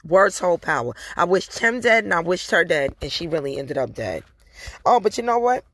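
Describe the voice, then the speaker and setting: A woman's voice: on the low side, expressive, moderate pace, fairly bright tone, no echo. A woman hosting her own podcast, telling a personal story in a candid, profane, casual way and addressing her listeners directly. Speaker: podcast host.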